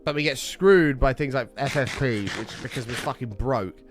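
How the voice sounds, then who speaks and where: A man's voice: mid-range voice, normal speed, over music. A British man chatting live to his stream viewers, ranting heatedly and swearing often. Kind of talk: casual live-stream chat.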